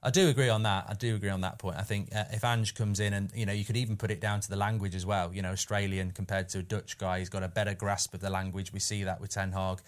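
A man with a low voice arguing his side in a football chat. He gets animated, and his voice jumps up when he makes a point. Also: quick pace, few pauses. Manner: animated, argumentative. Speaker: pundit, United fan.

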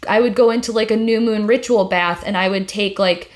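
A young woman co-hosting a casual podcast chat, telling stories in a slangy, animated way. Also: mid-range voice, a little fast. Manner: chatty, slangy, animated storytelling. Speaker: podcast co-host.

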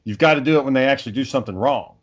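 A man's voice: medium pitch, rapid-fire. A father in casual chat, rambling through stories about his kids and swearing freely.

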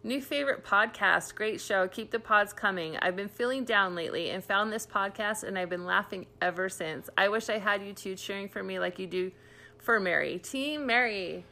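A giggly, bubbly woman from Utah co-hosting a chatty podcast. Her voice is bright and forward, with heavy vocal fry at the ends of phrases. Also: mid-range voice, moderate pace. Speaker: podcast co-host. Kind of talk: casual chat.

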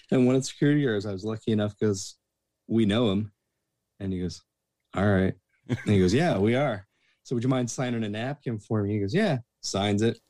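Man, low voice, casual storyteller who acts out the people in his stories, for a relaxed talk show. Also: moderate pace, pauses often. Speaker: former bartender telling stories.

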